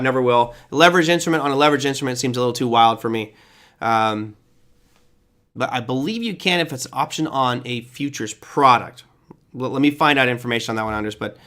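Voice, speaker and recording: A man's voice: a little high, sharp tone. A man hosting a live trading stream, talking casually about the markets and answering viewer questions, often checking in with "right?". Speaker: trading show host.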